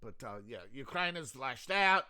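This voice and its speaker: A man's voice: mid-range voice, big pitch swings, moderate pace, sharp tone, clean tone. An Australian man hosting casual political commentary, sarcastic and rambling, with many fillers and restarts. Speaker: host of a news commentary channel.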